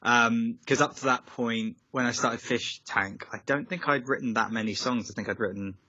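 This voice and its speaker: A man's voice: medium pitch, moderate pace, sharp tone, dry recording. A young man, a musician, chatting over a video call, rambling with lots of fillers and tangents. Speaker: musician guest. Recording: slightly dull, dry call audio.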